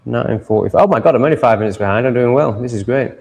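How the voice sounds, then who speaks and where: A man's voice: mid-range voice, fast, creaky, darkish tone. A man hosting a casual livestream, rambling and reading viewer comments aloud before answering them.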